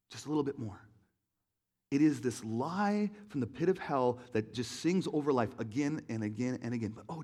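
A young man preaching a sermon in an auditorium, telling stories in an animated way and acting out voices. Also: mid-range voice. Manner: animated storytelling, acts out voices, laughs along. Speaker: pastor.

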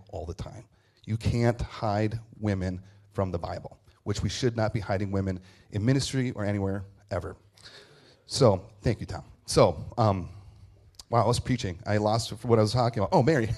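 A man preaching an Easter sermon in a conversational, storytelling way, with laughs and quick asides. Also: mid-range voice, darkish tone. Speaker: pastor.

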